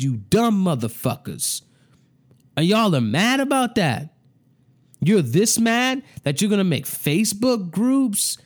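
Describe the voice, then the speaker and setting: A man delivers an exasperated, profane rant to camera. He keeps repeating himself, and his slightly high voice swings widely in pitch as he talks. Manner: angry, exasperated, heavy swearing, repeats himself. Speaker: vlogger.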